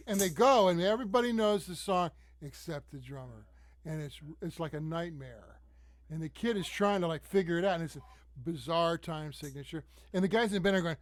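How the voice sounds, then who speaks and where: A musician chatting casually, telling stories and laughing now and then. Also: male voice, a little high, fairly quick, no echo. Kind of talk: casual storytelling. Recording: loud music behind.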